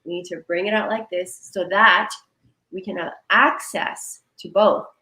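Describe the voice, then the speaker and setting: A woman energy healer giving a coaching talk on a livestream video call, animated and guiding listeners through exercises. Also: medium pitch, a little slow, echoey room, poor audio.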